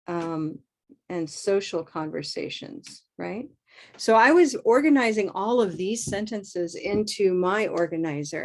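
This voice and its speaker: A woman's voice: lowish voice, darkish tone. Upbeat woman teaching pronunciation online. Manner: upbeat, encouraging, models rhythm by chanting. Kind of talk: live online class.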